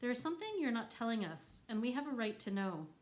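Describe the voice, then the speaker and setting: A woman voicing an old eccentric man who speaks slowly and insistently at a town meeting. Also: fairly high pitch, big pitch swings.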